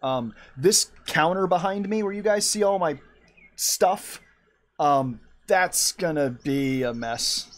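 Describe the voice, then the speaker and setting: A man's voice: fairly high pitch, expressive, takes it slowly. A man streaming from his room at home, chatting casually and rambling while he draws and answers his chat. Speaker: art streamer.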